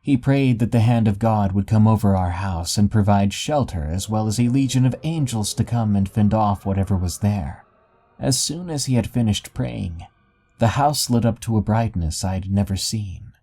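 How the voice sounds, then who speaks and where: Low, husky male horror narrator. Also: dark tone. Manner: measured, dramatic storytelling. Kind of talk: scripted horror story narration.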